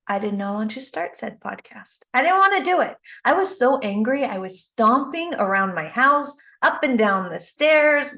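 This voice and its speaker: A woman coach giving a motivational talk, telling a personal story with emphatic, animated delivery. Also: a little high, muffled recording. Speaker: life coach and speaker.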